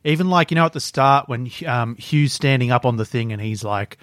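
A man's voice: mid-range voice, brisk, a bit bright, dry recording, studio quality. A man with an Australian accent chatting enthusiastically as a podcast co-host, swearing freely. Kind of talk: casual chat.

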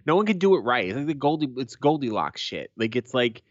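A man's voice: medium pitch, sing-song, fairly quick, no room sound, dull audio. A man co-hosting a podcast in casual chat, blunt and sweary, ranting with a laugh. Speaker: podcast co-host.

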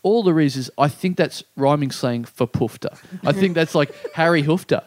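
Lively man telling stories. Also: on the high side, moderate pace, dry recording. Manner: animated storyteller, acting out other people's lines. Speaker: podcast co-host. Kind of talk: casual comedy podcast chat.

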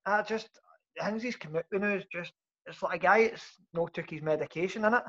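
A man's voice: high-pitched, fairly quick, a bit bright. A man in casual football chat, exasperated and swearing. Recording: muffled lo-fi audio.

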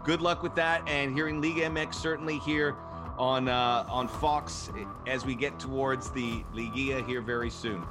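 A man hosting a podcast, chatting casually and telling stories in a lively way, then reading a prepared segment. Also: medium pitch, moderate pace, music in the background. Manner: lively, animated storyteller. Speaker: podcast host.

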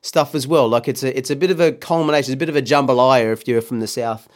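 A man's voice: mid-range voice, quick pace. A man co-hosting a casual podcast, rambling with lots of ums and restarts. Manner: rambling, many fillers and restarts, laughs often. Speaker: podcast co-host.

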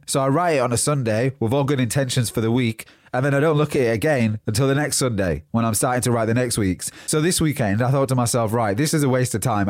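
A man's voice: lowish voice, a little mellow, dry recording, clean studio sound. A man hosting a motivational podcast, speaking earnestly with a congested, blocked-nose voice. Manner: earnest, repetitive motivational phrasing. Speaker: podcast host.

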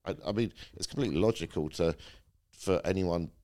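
A middle-aged father, reflective and measured, asking questions and mulling over events in a casual podcast chat. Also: deep voice, mellow.

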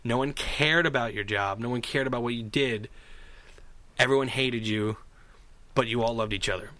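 Animated man telling stories, dry sound. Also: medium pitch, moderate pace, dry recording. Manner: animated storyteller, acts out shouting voices. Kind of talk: casual chat.

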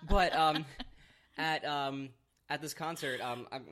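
A man's voice: fairly high pitch, fairly even intonation, slow, a bit bright. A man co-hosting a podcast in casual chat, sleepy after a late night and rambling with many fillers. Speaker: podcast co-host.

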